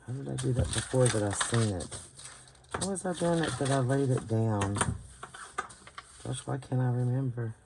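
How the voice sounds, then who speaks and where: A woman's voice: a bass voice, normal speed, pauses often, background noise. A tired woman with a West Virginian accent giving a casual hands-on craft tutorial. She thinks aloud, rambles and searches for words as she works. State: tired late at night. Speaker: bookbinding crafter hosting her channel. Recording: clear crinkling paper and clicking sounds behind.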